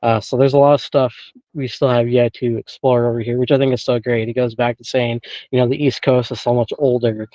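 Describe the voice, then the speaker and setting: A man's voice: medium pitch, little pitch movement, fairly quick, dark tone, no room sound, poor audio. A man guesting on an interview and chatting casually about paranormal investigating, rambling with many filler phrases and frequent chuckles, over a remote call.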